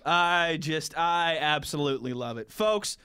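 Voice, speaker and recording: Guy in his 30s hosting sports talk, kinda high bright voice, laughs a lot. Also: smooth. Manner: laughs often, quick banter. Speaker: sports radio host.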